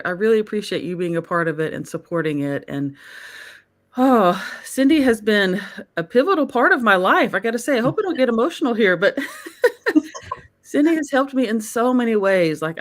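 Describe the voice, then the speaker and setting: An emotional, effusive woman hosts a casual live-streamed conversation. Her voice sits at a middle pitch, and laughter often breaks into her talk. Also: lively intonation, a little fast. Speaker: host.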